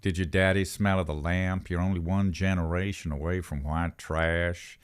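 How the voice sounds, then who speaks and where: A man's voice: sits low, steady tone, normal speed, clean tone. A middle-aged Irish man hosting a podcast, chatting casually in a profane, jokey, rambling way. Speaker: podcast host. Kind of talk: casual chat.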